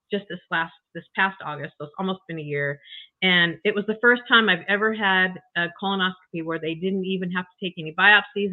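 An older woman telling her health story in a chatty, emotional way as an interview guest, full of restarts and asides. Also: medium pitch. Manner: chatty, emotional, frequent you-knows and restarts. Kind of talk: casual personal story. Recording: tinny phone-like call audio.

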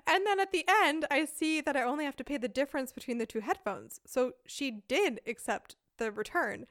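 Lively, laughing woman telling a story. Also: high-pitched, fairly quick, no room sound, studio quality. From United States. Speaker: podcast guest. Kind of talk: casual anecdote telling.

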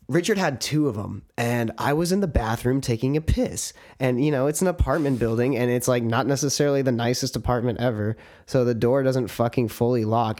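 A man's voice: mid-range voice, fast talker, few pauses, a little mellow. A man co-hosting a podcast, telling a rambling drinking story in casual chat, full of swearing and acted-out lines from his friends. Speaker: podcast co-host.

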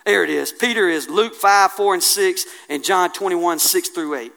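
A man preaching a sermon, colloquial and impassioned, swinging from hushed asides to loud declarations. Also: high voice, moderate pace, vocal fry.

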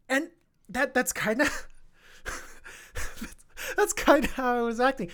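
A woman's voice: high voice, takes it slowly. A woman co-hosting a podcast, talking through a film in a loose, rambling way with many restarts. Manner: rambling, frequent restarts, animated swings in loudness. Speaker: podcast co-host. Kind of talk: casual film discussion chat.

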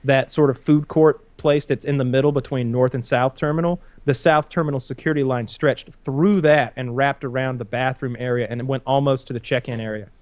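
A man's voice: medium pitch, steady tone, brisk, few pauses, darkish tone, no echo. A man in casual conversation, talking in a rambling way with lots of restarts and blunt opinions. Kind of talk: casual chat.

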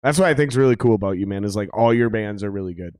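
A man in his thirties hosts a casual podcast chat in a light Minnesotan accent. He tells stories in an animated, profane way and leans on fillers. The sound is close and dry, with no room in it. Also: on the low side, racing, clean tone, no room sound. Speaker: podcast host.

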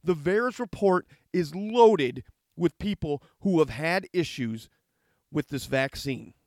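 A man's voice: on the high side, lively intonation, slow pace, darkish tone, dry recording, clean studio sound. A middle-aged man giving a heated, argumentative monologue, reading out a letter and rebutting it with sarcasm. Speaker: commentator reacting to a letter.

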